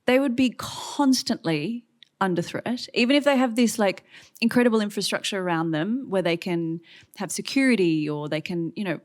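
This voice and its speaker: Animated Australian woman telling a story. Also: mid-range voice, normal speed. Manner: animated storytelling with many likes and acted-out quotes. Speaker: guest author. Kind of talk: on-stage conversation. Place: stage event before an audience.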